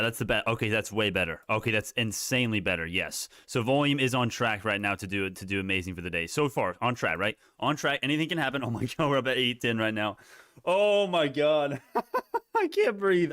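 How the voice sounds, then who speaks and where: A man giving live stock market commentary, excitable and hyped, laughing often and swearing casually. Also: medium pitch, no echo, clean studio sound.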